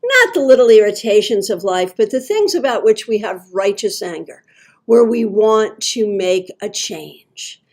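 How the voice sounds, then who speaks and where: At home, a middle-aged woman hosts a friendly livestream tarot reading, chatting enthusiastically with her viewers. She has a mid-range, slightly mellow voice with vocal fry, expressive and a little slow.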